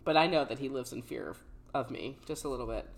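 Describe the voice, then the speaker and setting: A creaky, rumbling low voice comes from a woman co-hosting a podcast, talking quickly. She tells animated stories in casual conversation, laughing frequently and swearing casually, recorded on a studio microphone.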